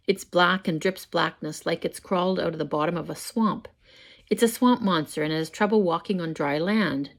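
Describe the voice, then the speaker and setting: Older woman reading her story aloud. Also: on the low side. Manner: measured, expressive reading. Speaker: author reading her own book. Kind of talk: first-person story reading. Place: home, with a pet dog nearby.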